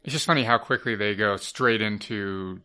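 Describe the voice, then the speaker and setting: A man's voice: fairly low pitch, moderate pace, bright, forceful tone, clear, resonant tone. A man co-hosting a podcast, chatting casually in a dry, matter-of-fact way. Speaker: podcast co-host.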